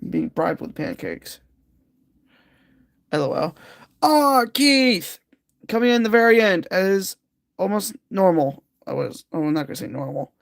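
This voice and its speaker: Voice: mid-range voice, animated, moderate pace, creaky, no room sound, clean studio sound. A livestream host chatting casually with viewers while doing a jigsaw puzzle, rambling and giggling.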